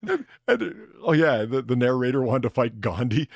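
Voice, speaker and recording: Gravelly, lively-voiced man chatting. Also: medium pitch, normal speed, no room sound, clean studio sound. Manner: animated storyteller, laughs often, acts out lines; swears casually. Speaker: podcast host, bartender persona. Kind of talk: casual chat.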